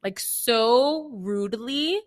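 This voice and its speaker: A young woman co-hosting a podcast, telling a story in an animated way, acting out quoted dialogue and saying "like" a lot. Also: on the high side, slow pace. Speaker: podcast co-host. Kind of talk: casual chat.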